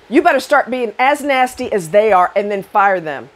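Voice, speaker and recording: A woman's voice: medium pitch, animated, moderate pace, few pauses. A woman giving blunt relationship advice to the camera, sassy and profane, mimicking other people's voices as she talks.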